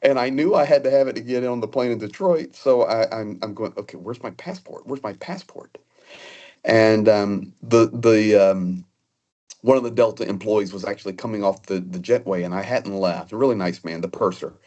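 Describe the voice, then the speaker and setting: A man's voice: fairly low pitch, a little mellow, highs cut off. A man telling personal stories in a casual, earnest way, often stopping and restarting. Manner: earnest, halting with frequent restarts. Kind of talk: casual conversational storytelling.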